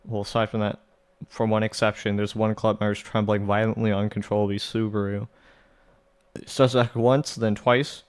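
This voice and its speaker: Man narrating a game, low pitch, monotone, smooth clear voice, casual asides. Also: moderate pace. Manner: casual, swearing asides between read lines. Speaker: let's play narrator. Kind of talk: reading and translating a visual novel aloud.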